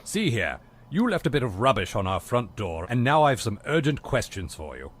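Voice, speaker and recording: A man voicing a prim, dry-witted male butler in a video game, speaking formally and deadpan. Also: medium pitch, moderate pace, background noise, close to an everyday voice.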